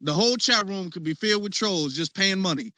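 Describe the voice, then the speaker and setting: A man hosting a casual online discussion, animated and mocking as he acts out the people he criticizes. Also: sits high, fairly quick, no echo. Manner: animated, mocking quoted voices.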